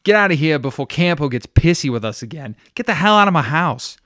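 A man voicing a bossy young college woman who shouts to end a party. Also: low voice, animated, brisk, dry recording, studio quality, voice pushed up. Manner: loud, shouting over a crowd.

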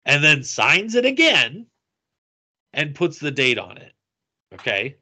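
A man chatting on a podcast, telling a funny story with lots of acted-out quotes. His voice is bright and forward, and he laughs easily as he talks. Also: fairly high pitch, takes it slowly. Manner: animated, acts out quotes with laughter. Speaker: podcast co-host. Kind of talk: casual storytelling.

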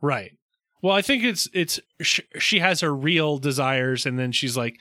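Man, podcast co-host, casual plot summary, bright forceful tone, slightly high, dry sound. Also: dry recording. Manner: steady plot summarizing, quick agreeing interjections. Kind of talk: casual chat recapping a TV episode.

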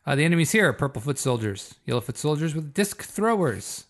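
A man hosting a casual chat about a video game, animated and laughing often. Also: fairly high pitch, fairly quick.

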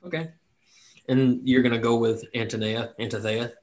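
A man narrating a tabletop game as game master, relaxed and joking. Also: mid-range voice, moderate pace.

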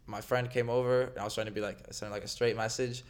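A man's voice: medium pitch, flat delivery, fast, clear, resonant tone. Rambling young man telling a story. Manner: rambling storyteller, many fillers. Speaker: podcast guest. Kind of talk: casual chat.

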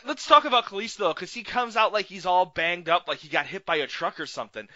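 A man's voice: high voice, fast talker, dry recording. A man co-hosting a wrestling review podcast, animatedly setting up the matches in casual chat. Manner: animated, sets up matches and mimics excited announcers. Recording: dry, dull lo-fi audio.

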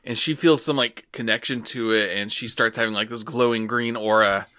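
A man summarizing anime plot points in casual chat, calmly and with many fillers. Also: mid-range voice, moderate pace, crowd noise. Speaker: podcast co-host recapping an anime episode.

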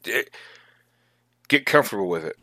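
A man co-hosting a podcast, chatting casually about tabletop gaming in animated, emphatic bursts. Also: lowish voice, moderate pace, no echo. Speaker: podcast co-host.

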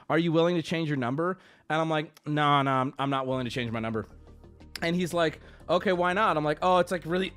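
Animated swearing streamer man. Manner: animated, swearing, swings between high exclamations and low mumbles. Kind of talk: casual storytelling to stream chat.

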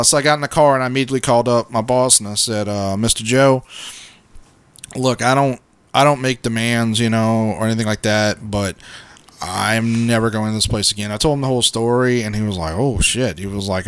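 A man's voice: on the low side, clear, resonant tone, dry recording. A man co-hosting a podcast, telling a story in casual chat, swearing freely and acting out what people said. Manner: profane, animated, acts out quotes. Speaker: podcast co-host.

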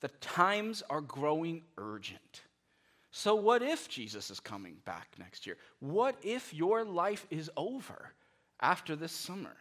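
A man preaching a sermon as pastor, animated and conversational, with many rhetorical questions. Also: fairly high pitch, measured pace.

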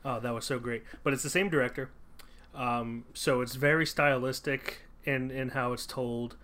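A man's voice: medium pitch, fairly even intonation, moderate pace, fairly bright tone. A man co-hosting a casual movie podcast from a room at home with poor acoustics. He rambles, with lots of fillers and restarts. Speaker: podcast co-host.

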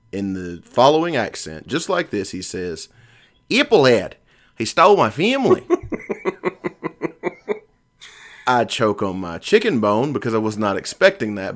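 A man's voice: lowish voice, a bit bright. A man in his thirties hosting a casual podcast, rambling and joking with plenty of ums. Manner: rambling, jokey, lots of ums. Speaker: podcast host.

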